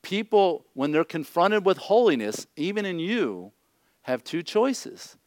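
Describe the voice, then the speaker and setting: A man's voice: high voice, sing-song, measured pace, dry recording, clean studio sound. A middle-aged man preaching a conversational sermon, blunt and joking, often checking in with his listeners. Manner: blunt, joking asides, repeats "okay?". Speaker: pastor.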